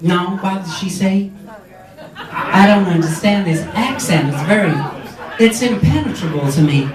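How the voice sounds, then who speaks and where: A man's voice: sits high, unhurried. A man performing as a brash, catty drag queen hostess, teasing a live audience with sarcastic, mock-haughty crowd work. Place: pub or club function room, live audience. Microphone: camera filming from the audience, far off. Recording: echoey room, far from camera, loud crowd. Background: audience laughter and chatter.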